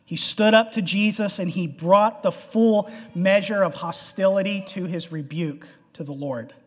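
High-voiced preacher in an echoey hall. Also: male voice, a little slow, husky. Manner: animated storytelling, acting out quotes. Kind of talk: sermon. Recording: echoey hall, dull lo-fi sound.

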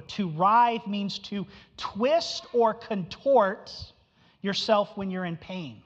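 A man's voice: high-pitched, slow pace. A male preacher teaches emphatically, repeating his key phrases and asking his listeners questions. His voice carries a long echo through a hall. The recording is dull and muffled. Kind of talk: expository sermon.

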